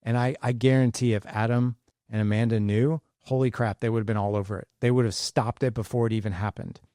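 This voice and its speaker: A man's voice: mid-range voice, fairly even intonation, fairly quick, dark tone, no echo, clean studio sound. A man in his fifties hosting a solo podcast, speaking with urgency and passion and repeating key points for emphasis. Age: 50s. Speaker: podcast host.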